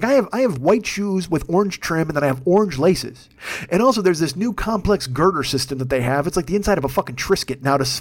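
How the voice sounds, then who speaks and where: A man telling a rambling, profane story in a casual, animated way. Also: high-pitched.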